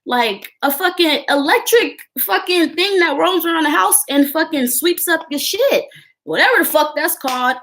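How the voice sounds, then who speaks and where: A woman's voice: high voice, very animated, normal speed, a bit bright. A woman in her twenties, ranting bluntly and heatedly to camera and swearing constantly. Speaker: vlogger.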